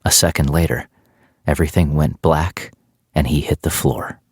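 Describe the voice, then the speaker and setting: A man narrating a thriller audiobook in a steady, measured storytelling manner, close to the microphone. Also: very deep voice, husky, dry recording.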